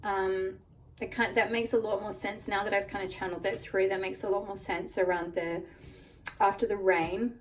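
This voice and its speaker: A woman with a croaky voice from a cold, giving a rambling pick-a-card tarot reading full of "like" and "um". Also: medium pitch, fairly even intonation, moderate pace. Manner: rambling, many "like" and "um" fillers. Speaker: tarot reader. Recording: voice a bit far from the mic, faint room noise.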